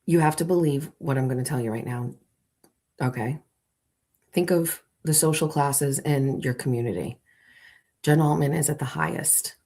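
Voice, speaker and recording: A woman's voice: low-pitched, moderate pace, pauses often, dark tone. A woman hosting a morning show, playfully walking her audience through an imagined scene in a theatrical storytelling manner. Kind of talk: comic storytelling to a live audience.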